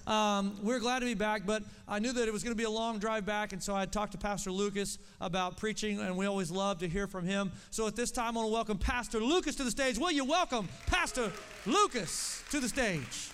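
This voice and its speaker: A man's voice: high-pitched, brisk, fairly bright tone, clean tone. Enthusiastic male pastor from Oklahoma, echoing through a big church hall. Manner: enthusiastic, says "man" a lot. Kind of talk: church service announcements. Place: church sanctuary in Texas. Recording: long reverb of a large church.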